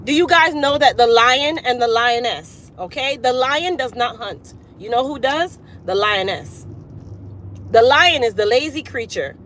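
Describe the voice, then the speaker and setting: A woman's voice: fairly high pitch, animated, unhurried, a bit bright, slight background noise, poor audio. Emphatic woman preaching to viewers. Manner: preachy, emphatic, talks straight to her audience. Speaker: hair care business owner and vlogger. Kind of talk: casual motivational talk to viewers.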